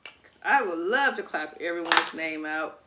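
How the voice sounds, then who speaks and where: A woman's voice: deep voice, expressive, unhurried, very noisy. A woman preschool teacher giving a video lesson to young children, talking in a sing-song, encouraging way.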